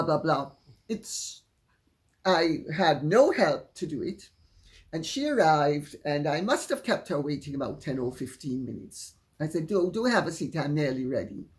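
A woman hosting her own channel, telling a gossipy story in a chatty, candid way with frank asides. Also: low-pitched. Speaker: channel host.

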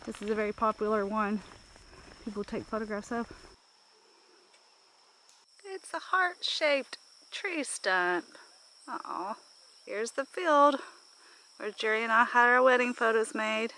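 A woman's voice: on the high side, level tone, normal speed, bright, forceful tone, slight background noise. A woman walking an outdoor park loop and chatting to her camera, pointing out sights and venting casually. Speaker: vlogger. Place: outdoors on a rural park road. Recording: faint outdoor ambience with insects.

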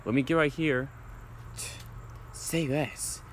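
A man's voice: mid-range voice, steady tone, slow pace, a little hiss or hum. A young man performing a casual improvised comedy skit, voicing several friends who bicker in whiny, slangy banter full of fillers.

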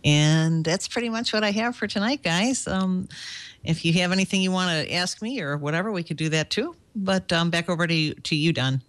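A woman's voice: lowish voice, fairly quick. A woman who moderates the chat room for a ham radio show, talking in a bubbly, enthusiastic way and laughing often.

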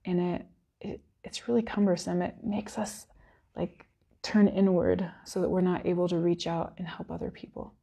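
Woman with a husky, gravelly voice for a heartfelt church devotional, earnest and near tears. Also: fairly low pitch, steady tone, normal speed, warm tone. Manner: earnest, emotional, close to tears. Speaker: worship speaker. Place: church service.

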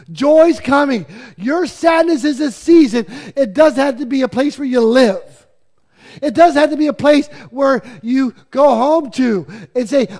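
Preacher, man, fifties, unusually high-pitched voice, earnest sermon with joking asides. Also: darkish tone. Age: 50s. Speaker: pastor. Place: church sanctuary.

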